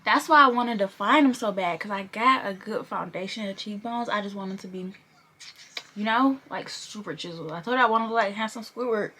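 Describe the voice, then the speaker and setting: This beauty vlogger talks fairly quickly in a mid-range voice that's bright and forceful, with slight background noise in the clip. She's a young woman chatting casually while doing her makeup, joking around, cursing now and then, and laughing throughout.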